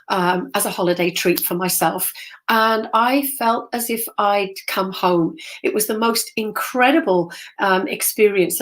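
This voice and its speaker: A middle-aged woman talks to a live online audience in a casual storytelling way. She is a spiritual medium who rambles and gets excited, with plenty of ums and self-corrections. Her pitch sits in the middle range.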